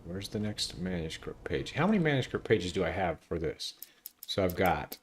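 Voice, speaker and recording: Low-voiced man joking through gameplay. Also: big pitch swings, normal speed, slight background noise. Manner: chatty, playful, joking. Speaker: game streamer. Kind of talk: casual gameplay commentary.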